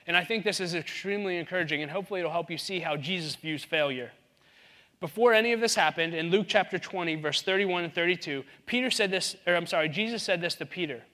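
A pastor preaches a sermon with earnest, conversational warmth, frequently starting his sentences over. His voice is high-pitched and bright, with a forceful tone.

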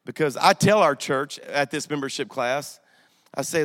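A middle-aged man, preaching a sermon in a church, telling a story with emphasis and swinging from loud outbursts to hushed asides. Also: on the high side, moderate pace. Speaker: pastor. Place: church sanctuary. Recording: long hall reverb in a church.

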